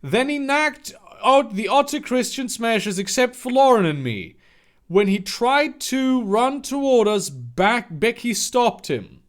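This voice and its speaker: A man's voice: very high-pitched, sing-song, a little slow. A man reading a story aloud for comedy, breaking off for sarcastic, incredulous asides. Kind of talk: comedic dramatic reading with commentary.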